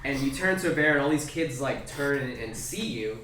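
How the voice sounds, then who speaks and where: A man's voice: medium pitch, animated, fairly quick, a bit bright. A man running a tabletop game as game master, narrating loosely with plenty of "like" and "um". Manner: loose, filler-heavy narration full of "like" and "um". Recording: roomy, distant, noisy recording.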